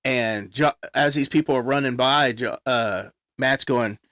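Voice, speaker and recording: A man telling a long story in casual chat, loud and animated, belting out quoted songs. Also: medium pitch, unhurried, dry recording, clean studio sound.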